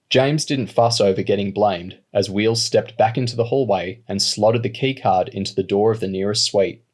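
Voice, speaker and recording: A man narrating an audiobook in a steady, measured reading voice. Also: fairly low pitch. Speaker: audiobook reader. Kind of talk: storybook narration.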